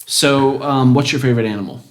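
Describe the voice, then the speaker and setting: A man's voice: mid-range voice, fairly quick. A man co-hosting a podcast in casual chat, a parent telling rambling stories. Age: adult parent. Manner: rambling, restarts his stories. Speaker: podcast co-host.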